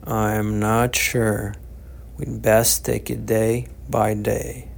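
A man voicing a kindly old man who speaks gently and slowly, reassuring and calm, in an audiobook reading. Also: on the low side, vocal fry, heavily acted. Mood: gentle, reassuring.

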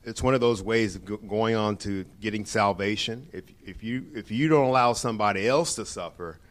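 Low-voiced halting man. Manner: halting, many pauses and "uh"s. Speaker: group participant. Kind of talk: casual discussion.

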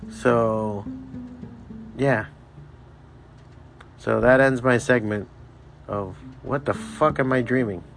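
A man's voice: medium pitch, slow, vocal fry, pauses often, soft background music. Rambling, foul-mouthed man hosting a podcast. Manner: rambling, profane, loose storytelling. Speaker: podcast host. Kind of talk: casual solo podcast monologue.

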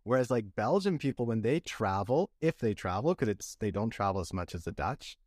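A young man hosting a podcast, chatting in a relaxed way and asking his guest questions. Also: fairly low pitch, brisk, no echo, studio quality. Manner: relaxed and conversational, asks questions. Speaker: podcast host. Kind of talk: casual podcast chat.

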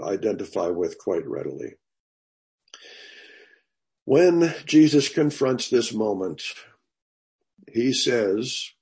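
Gravelly low-voiced older man teaching. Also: dark tone. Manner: thoughtful, pausing, with restarts. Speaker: teacher of a Bible class. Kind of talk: conversational Bible lecture.

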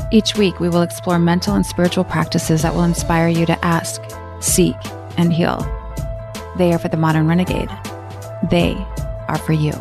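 A young adult woman hosting a life coaching podcast, chatting playfully and telling a story in a soft story voice. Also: lowish voice. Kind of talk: casual podcast talk and storytelling.

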